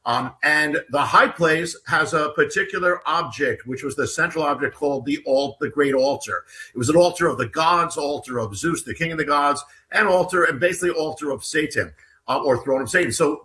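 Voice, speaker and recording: A man's voice: a little high, moderate pace, sharp tone, rough recording. A man being interviewed as an author, explaining earnestly with frequent fillers and restarts. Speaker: guest author. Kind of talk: interview talk.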